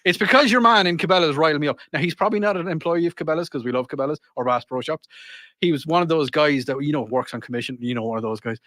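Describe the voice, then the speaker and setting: A man's voice: a little high, very fast, a bit bright, no echo. A man with an Irish accent, co-hosting a casual podcast and telling stories, acting out the voices of people in them. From Ireland. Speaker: podcast co-host. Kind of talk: casual banter, storytelling.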